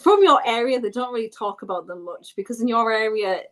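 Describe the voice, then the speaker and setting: A woman's voice: on the high side, lively intonation, brisk, a bit bright. A woman narrating a tabletop game as game master. She often stops and restarts her sentences as she describes the scene. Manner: stumbling, self-correcting narration.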